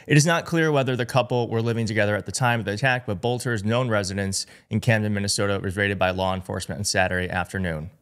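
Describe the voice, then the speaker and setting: A man's voice: fairly low pitch, steady tone, fast talker, hardly any pauses, fairly bright tone, smooth. A man giving online political commentary, indignant and emphatic, reading out reports and quotes.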